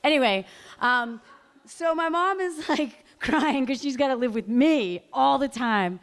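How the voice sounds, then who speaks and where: Chatty woman telling a raised, lively story. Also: high voice, measured pace. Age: late 30s. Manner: chatty, full of "like" fillers, laughing through the telling. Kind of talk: live personal storytelling.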